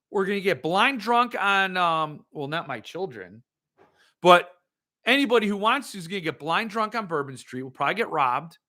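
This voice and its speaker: A man hosting a casual monologue, rambling and animated with excitable outbursts. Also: high-pitched. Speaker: host.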